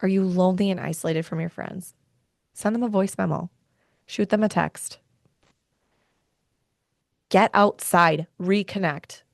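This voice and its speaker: A young woman with a low, gravelly voice speaks earnestly about faith and rest. She talks straight to her listeners with heartfelt conviction. The sound is close and dry. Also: a little slow, long pauses, no echo. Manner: earnest, heartfelt, gets worked up. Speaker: podcast host. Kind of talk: faith-based wellness talk.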